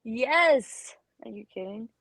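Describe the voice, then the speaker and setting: A woman's voice: a little high, animated, slow, a bit bright, slightly rough, no room sound, poor audio. Chatty woman podcast guest. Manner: chatty, lots of filler 'like'. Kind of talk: casual chat.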